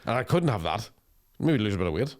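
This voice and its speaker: A man's voice: on the low side, very animated, fast. A man, co-hosting a podcast in a sweary, joking, casual chat. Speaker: podcast co-host.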